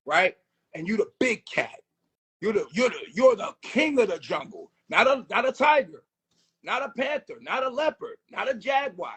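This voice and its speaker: A man with a very high, bright, husky voice rants in a crude live chat. He talks loud and erratic, jumps into sudden shouts, and swears constantly. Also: animated, normal speed. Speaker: streamer.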